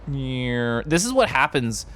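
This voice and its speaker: A man streaming a video game, chatting casually and excitedly while reading chat aloud and giggling. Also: mid-range voice, slow.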